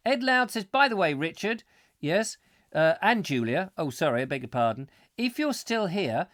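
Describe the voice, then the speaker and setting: A man's voice: sits high, a bit bright, dry recording, clean studio sound. A middle-aged man hosting a comic live chat show, rambling playfully through viewer comments with mock-macabre asides. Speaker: host.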